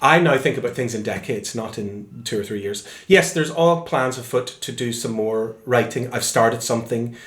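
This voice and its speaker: A singer-songwriter with a Northern Irish accent, telling lively anecdotes in a relaxed interview at home. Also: male voice, mid-range voice, moderate pace, few pauses. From Northern Ireland. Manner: lively storyteller, acts out quoted voices. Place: room in his home. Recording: echoey room.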